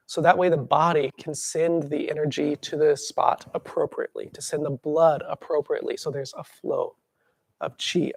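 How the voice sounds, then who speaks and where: Man, workshop teacher, gravelly, dry close sound, guided breathing, animated explaining. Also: a little high, dry recording. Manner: calm guiding breath cues, then animated explaining with acted-out reactions.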